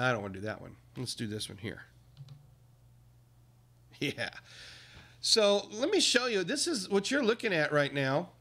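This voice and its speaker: A man hosting a livestream, talking casually with indignant, emphatic commentary that swings up and down in pitch. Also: bright, forceful tone. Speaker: livestream host.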